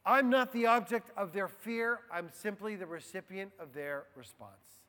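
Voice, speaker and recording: Slow-preaching man in a reverberant hall. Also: high-pitched. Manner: slow and deliberate, dropping soft on key phrases. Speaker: pastor. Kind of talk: sermon. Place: church.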